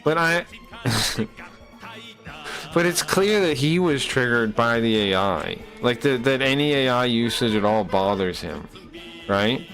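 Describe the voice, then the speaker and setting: A man's voice: medium pitch, expressive, unhurried, fairly bright tone, soft background music. A man streaming live, chatting casually with his viewers in rambling, profane rants that keep breaking off and restarting.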